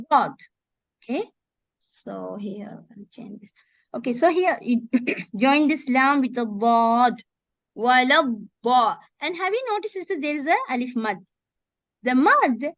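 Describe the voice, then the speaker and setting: A woman teaching Quran recitation in an online lesson, demonstrating words slowly and often correcting herself. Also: high-pitched, a bit bright, dry recording. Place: online video call. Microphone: computer mic on a video call. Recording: dull, dry video call audio.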